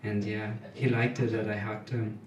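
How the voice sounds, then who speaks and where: A German man in his thirties with a German accent, doing a hesitant, deadpan stand-up comedy set full of ums. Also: on the low side, moderate pace, distant mic, lo-fi sound, slight background noise. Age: 30s. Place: small live comedy venue. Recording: echoey room, voice off-mic.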